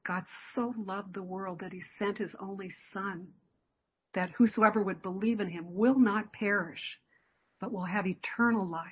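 A woman giving a sermon in an earnest, reflective way, pausing often and laughing softly now and then. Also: mid-range voice, fairly even intonation, husky, highs cut off. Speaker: preacher.

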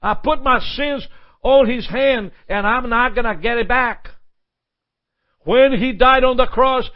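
A man's voice: very high-pitched, measured pace, highs cut off. A male pastor preaching a sermon with impassioned repetitions and prayerful asides.

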